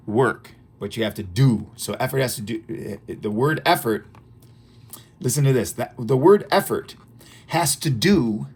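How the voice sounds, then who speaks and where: Male teacher, mid-pitched, audio lesson; reads his book aloud, repeats points, checks in with listeners. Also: fairly bright tone. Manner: chatty and repetitive, quizzing listeners with "right?" and "okay?". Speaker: teacher reading through his self-help book. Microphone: audio-only recording.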